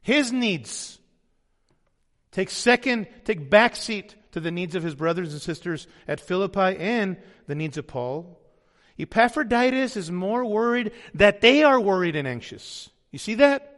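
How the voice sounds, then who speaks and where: A man's voice: sits high, animated, a little slow, a bit bright. A male pastor preaching a sermon, emphatic and often asking his audience questions. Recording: long hall reverb.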